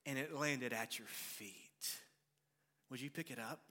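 Man, pastor, sermon, folksy, playful, bright voice, long church reverb. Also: medium pitch, unhurried. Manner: animated, folksy, playful with the congregation. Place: church sanctuary.

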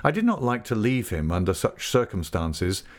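A man narrating a classic novel as an audiobook reader, in a measured, expressive storytelling manner. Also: on the low side. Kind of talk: scripted narration.

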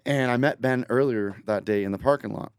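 A man from Northern Ontario, a guest musician telling a rambling, animated story in a casual studio interview. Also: medium pitch, a little fast, dry recording. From Northern Ontario, Canada. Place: recording studio.

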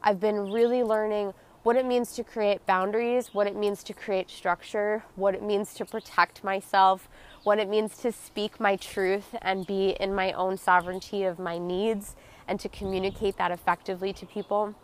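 A woman hosting her own podcast, speaking in an earnest, confessional and emotionally open way, dropping soft and close at tender moments. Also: medium pitch, level tone, moderate pace. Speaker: podcast host. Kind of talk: personal reflective monologue.

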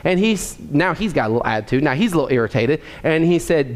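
Pastor guy w a high voice, folksy preaching, keeps asking "right?". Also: lively intonation, fairly quick. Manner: folksy storytelling, asks the congregation "right?". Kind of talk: sermon with a joke opener. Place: church.

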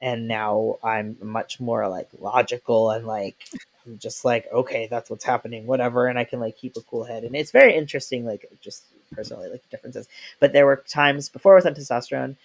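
A man's voice: medium pitch, a little fast, creaky. A young adult man hosting a podcast, talking casually with lots of fillers and frequent laughter. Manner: chatty, laughs often, many fillers. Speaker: podcast host. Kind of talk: casual conversation.

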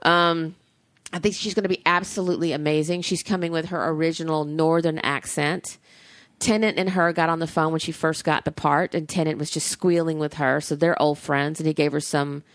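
A woman co-hosting a podcast in casual chat, gushing and animated, swearing freely. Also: deep voice, fairly quick, dry recording. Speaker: podcast co-host.

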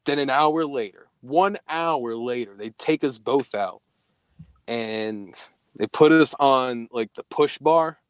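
A young man telling a story in casual podcast chat, profane and animated, acting out the quoted dialogue. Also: medium pitch, takes it slowly, clean tone, no echo.

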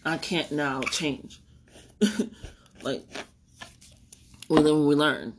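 A woman's voice: low voice, very slow, a little hiss or hum. A woman hosting a solo podcast, talking candidly and rambling about healing, swearing and laughing often, tearful at times. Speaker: podcast host. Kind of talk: reflective solo podcast monologue.

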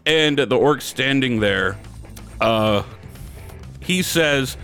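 A man from Wisconsin co-hosts a casual gaming podcast and tells crude jokes in a loose, chatty way, now and then dropping into silly character voices. His voice sits at an ordinary middle pitch, with faint guitar music behind him. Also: expressive, slow, pauses often, fairly bright tone. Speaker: podcast co-host. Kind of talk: casual joke-telling chat.

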